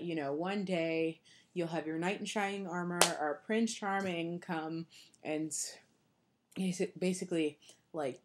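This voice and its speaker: A young woman chatting to her camera in a casual vlog, rambling through thoughts with plenty of fillers and restarts. Her voice sits a little low for a woman and she sounds dreamy and amused. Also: darkish tone. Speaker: vlogger.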